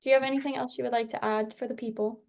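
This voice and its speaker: A woman's voice: fairly high pitch, steady tone, very fast, vocal fry, darkish tone. A young adult woman co-hosting a podcast in casual chat, chatty with lots of filler words. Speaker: podcast co-host.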